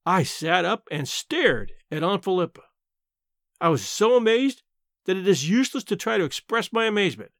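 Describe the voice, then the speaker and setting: High-voiced male story reader. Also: sing-song, moderate pace, fairly bright tone, no room sound, studio quality. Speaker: narrator. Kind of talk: reading a short story aloud.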